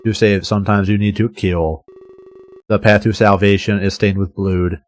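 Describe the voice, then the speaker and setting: A man voicing a cold, mocking villain who speaks over a loudspeaker, with slow deliberate phrasing. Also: lowish voice, steady tone, close to an everyday voice. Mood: taunting.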